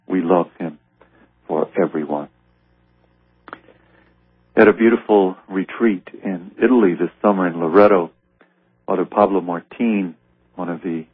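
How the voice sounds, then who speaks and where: A man's voice: low-pitched, breathy edge, dry recording. A man teaching on a devotional text for radio. He reads passages aloud and explains them earnestly. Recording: narrow, tinny radio broadcast sound.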